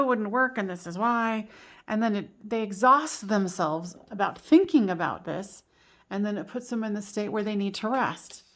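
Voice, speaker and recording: A woman's voice: medium pitch, fairly bright tone. A woman doing a casual tarot card reading for her channel, talking in a chatty, giggly way with lots of fillers and restarts. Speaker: tarot reader.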